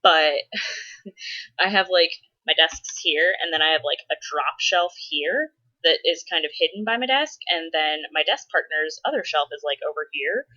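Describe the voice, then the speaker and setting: A woman's voice: sits low, moderate pace, bright, forceful tone, highs cut off. A woman vlogging casually, answering follower questions in a chatty way with frequent laughs and dramatic exasperated asides. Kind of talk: casual chat.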